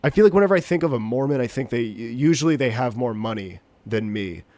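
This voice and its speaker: Male podcast host, stuffy cold voice, rambling self-mocking delivery, mid-pitched, dry close sound. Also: animated, fast talker, darkish tone, dry recording. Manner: rambling, jokey, self-deprecating. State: congested, getting over a cold. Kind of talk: rambling solo podcast chat.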